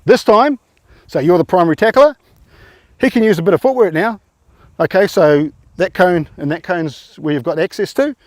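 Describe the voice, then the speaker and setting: A man's voice: sits high, normal speed, dry recording. A man coaching rugby players through tackle drills, informal and encouraging, often quizzing them.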